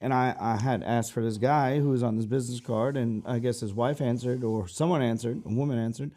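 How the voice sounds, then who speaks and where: A man's voice: mid-range voice, fairly even intonation, fairly quick, mellow. A man from the United States, a guest in an interview, telling stories with heavy swearing and acting out others' lines. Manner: profane, acts out others' lines. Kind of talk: animated storytelling.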